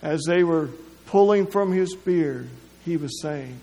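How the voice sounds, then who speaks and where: A man preaching a sermon, halting, with many restarts and repeated words. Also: on the high side, warm tone. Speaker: pastor. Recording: long hall reverb.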